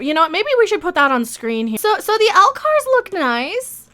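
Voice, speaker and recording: Sarcastic woman ranting thru a live reaction stream, real high voice, swears a lot. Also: big pitch swings, normal speed, a bit bright. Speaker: reaction video host.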